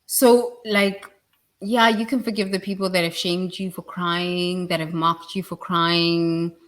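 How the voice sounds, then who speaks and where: A woman giving a blunt, emphatic spiritual talk, with sudden loud bursts. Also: lowish voice, flat delivery, measured pace. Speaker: spiritual speaker.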